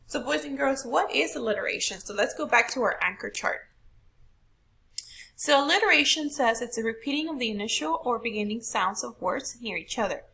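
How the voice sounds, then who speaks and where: A woman's voice: fairly high pitch, expressive, fairly quick, gravelly, bright, forceful tone. A woman teacher walking a class through a poetry question, patient and step by step, asking rhetorical questions. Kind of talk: recorded classroom lesson.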